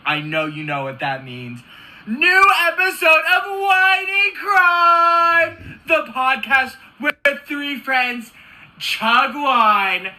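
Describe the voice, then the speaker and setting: Bright sing-song woman doing a mock intro. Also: medium pitch, rough recording. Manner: exaggerated sing-song announcing. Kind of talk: mock show intro in a put-on accent.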